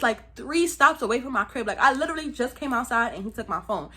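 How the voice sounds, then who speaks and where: A young woman from Brooklyn with a New York accent, telling a story in a lively, slangy, casual vlog style. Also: sits high, quick pace, few pauses, breathy edge. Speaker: vlogger.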